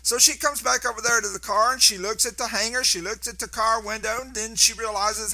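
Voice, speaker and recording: A man's voice: high voice, fairly even intonation, fairly quick, creaky, sharp tone. A man preaching a sermon, telling folksy stories and often stumbling and restarting his words. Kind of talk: sermon with storytelling.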